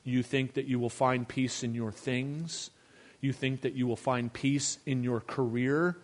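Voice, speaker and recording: A man pastor preaching a sermon, moving between hushed, tender passages and raised, emphatic ones. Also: mid-range voice, fairly even intonation, measured pace.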